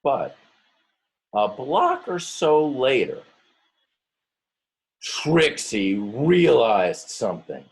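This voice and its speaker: Animated, husky-voiced male teacher. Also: medium pitch, drawn-out words, long pauses. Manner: animated, stretching words and acting out story voices; stops often to explain and talk to the class. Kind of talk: reading a picture book aloud to students.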